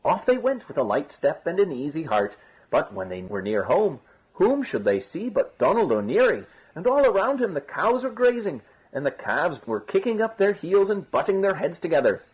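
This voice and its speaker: A man narrating a storybook in a measured, expressive way. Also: a little high, slightly rough. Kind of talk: storybook reading. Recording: dull lo-fi recording.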